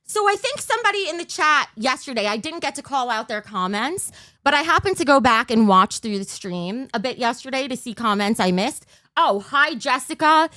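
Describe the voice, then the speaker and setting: A woman's voice: sits high, lively intonation, moderate pace, bright, forceful tone, no echo, studio quality. An overtired woman hosting a casual livestream, rambling and losing her train of thought. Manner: bursts into a mock auctioneer patter. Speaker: livestream host.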